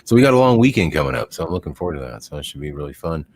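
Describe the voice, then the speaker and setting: A livestream host with an extremely low voice chats casually at a very fast, very animated clip. He rambles, chuckles, and quotes dogs in silly voices.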